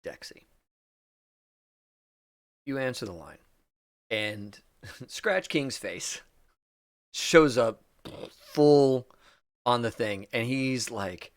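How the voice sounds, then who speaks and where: A man's voice: mid-range voice, lively intonation, drawn-out words, long pauses, no echo. A man narrating as game master, loose and chuckling, with many fillers. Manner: loose, laughing, lots of fillers.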